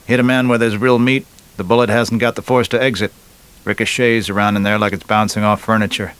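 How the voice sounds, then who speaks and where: A man's voice: lowish voice, little pitch movement, fairly quick, fairly bright tone, clear, resonant tone, natural voice. A man voicing a blunt, matter-of-fact veteran male cop.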